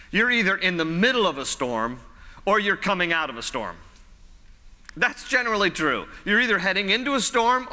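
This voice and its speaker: A male pastor delivers a sermon in a friendly, conversational manner, circling back to repeat his points. His voice is bright and slightly high. It carries a long reverb, as if it were filling a church sanctuary. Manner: conversational, repeats phrases for emphasis.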